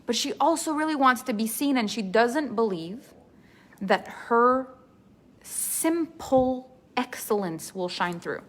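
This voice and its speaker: A woman's voice: on the high side, expressive, slow pace, a bit bright. Earnest, emphatic woman coach. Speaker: business coach. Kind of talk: coaching masterclass talk.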